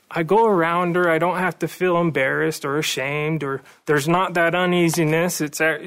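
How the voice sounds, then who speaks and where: Earnest man giving a halting testimony. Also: on the high side, fairly bright tone. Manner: halting, repeats words, earnest. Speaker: recovery meeting speaker. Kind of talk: personal testimony.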